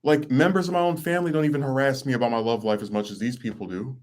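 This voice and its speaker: A man's voice: medium pitch, fairly even intonation, rapid-fire, a little mellow. A young man hosting a podcast, ranting in a blunt, sarcastic, exasperated way. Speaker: podcast host. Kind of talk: casual chat.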